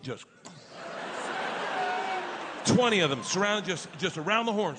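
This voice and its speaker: Middle-aged male stand-up, raised voice, crude and animated, live room noise. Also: high-pitched, moderate pace, long pauses. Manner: loud, crude, animated storytelling with bursts of shouting. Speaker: stand-up comedian. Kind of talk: stand-up storytelling. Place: comedy stage before an audience. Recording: live stage recording with background noise.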